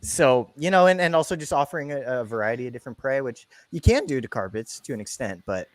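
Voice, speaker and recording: A man co-hosting a podcast, chatting casually and with enthusiasm, with plenty of fillers. His voice has a middle pitch and sounds dry and close, with no room echo. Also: lively intonation, fast talker. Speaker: podcast co-host. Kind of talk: casual chat.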